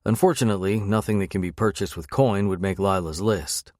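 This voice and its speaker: Low-voiced man narrating a wry romance. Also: a little fast, a little mellow, no echo, clean studio sound. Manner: wry, sardonic inner monologue. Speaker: audiobook narrator. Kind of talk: first-person romance audiobook narration.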